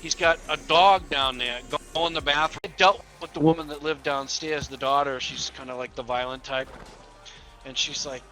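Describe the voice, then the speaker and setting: A police officer telling rambling, profane stories in casual game voice chat, often laughing. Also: male voice, on the high side, fairly even intonation, normal speed, pushed and bright, soft background music.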